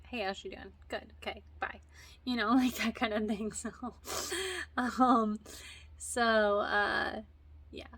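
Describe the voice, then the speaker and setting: A woman's voice: mid-range voice, a bit bright. A young woman chatting casually as a vlogger about caring for her baby, rambling with many fillers and self-corrections. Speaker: vlogger and mother. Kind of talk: casual chat.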